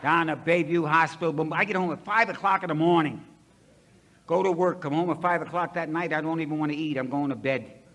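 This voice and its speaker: A man's voice: on the high side, brisk, fairly bright tone. A middle-aged man from Ohio, telling his recovery story to an audience in a folksy, blunt way and acting out the dialogue himself. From Ohio, USA. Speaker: speaker at a recovery convention.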